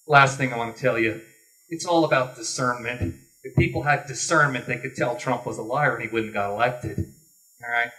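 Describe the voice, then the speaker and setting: A man's voice: medium pitch, pushed and bright. A man running for governor, giving a folksy, earnest closing statement at a candidates forum. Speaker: political candidate. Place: meeting hall forum. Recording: distant room mic.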